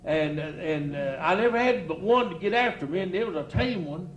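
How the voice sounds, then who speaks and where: An older preacher spins comic yarns in a chuckling folksy drawl, building each tale to a punchline. His voice rides high for a man. The live recording is roomy and echoey, with faint noise underneath. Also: expressive, normal speed, muffled recording. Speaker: evangelist storyteller. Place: outdoor church campground stage.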